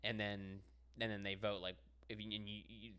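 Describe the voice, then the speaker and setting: A man's voice: lowish voice, little pitch movement, moderate pace, bright, forceful tone, smooth. A young man from Pittsburgh, a comedian chatting on a podcast, rambling with lots of "like" and "dude". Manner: rambling, heavy use of "like" and "dude". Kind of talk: casual podcast chat.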